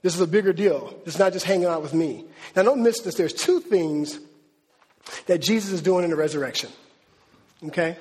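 High-voiced pastor preaching in a big hall. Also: male voice, moderate pace, husky. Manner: conversational, animated preaching with slang asides. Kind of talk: sermon. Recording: reverberant hall.

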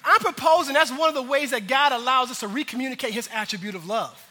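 A male pastor preaching a sermon in a casual, lively way, with slang asides to the congregation. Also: very high-pitched, fast talker, big-room sound.

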